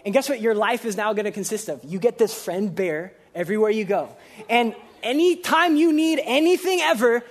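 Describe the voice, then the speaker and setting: A man preaching a casual, energetic sermon, using slang and swinging between loud emphasis and quiet reflection. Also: high-pitched. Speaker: pastor.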